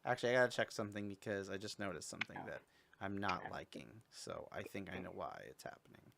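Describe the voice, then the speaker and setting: A man's voice: sits low, animated, fast talker, gravelly, very noisy. A young man hosting a casual livestream chat, rambling and joking with his viewers. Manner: chatty, rambling, jokey with playful fake sobbing. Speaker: host.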